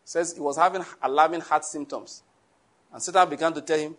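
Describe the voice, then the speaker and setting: A male pastor preaching a sermon, lively and joking, with frequent laughter and asides to the congregation. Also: a little high, fast.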